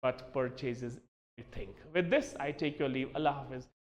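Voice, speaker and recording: A man's voice: medium pitch, fairly quick, big-room sound. A man teaching a spoken English lesson, spelling words out letter by letter and calling his listeners "my dear friends". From Kashmir.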